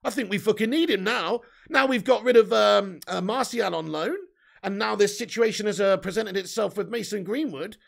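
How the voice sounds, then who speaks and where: An English man talks loosely to his live-stream viewers, reading their comments aloud and dropping in the odd swear word. His voice sits fairly high and carries a strong gravelly rasp throughout. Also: moderate pace. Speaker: livestream host reading chat. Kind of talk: casual live chat.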